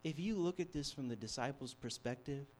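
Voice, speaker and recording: A young man preaching a sermon, telling a story with animated shifts from hushed to loud. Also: mid-range voice, a little fast, a little hiss or hum. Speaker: campus ministry preacher.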